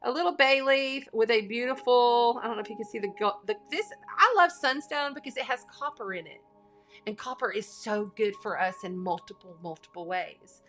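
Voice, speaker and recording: Woman, astrology host, excitable casual chatter, bright tone. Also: on the high side, moderate pace, faint music behind. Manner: gushing, bubbly, excitable. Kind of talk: casual livestream giveaway chat.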